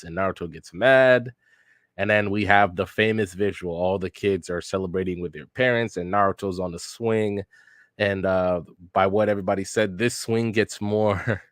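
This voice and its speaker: A man with a deep, low voice rambles through casual reaction commentary as he reads a manga aloud. He fills gaps with fillers and swears freely. The sound is dry and close, with no room echo. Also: a little slow. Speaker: reaction video host.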